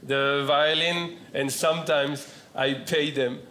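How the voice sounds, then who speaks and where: A man from France with a French accent doing stand-up comedy, delivering punchlines in a slow, deadpan way. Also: on the high side, slight background noise. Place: comedy club stage with laughing audience. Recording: roomy stage sound with loud audience laughter.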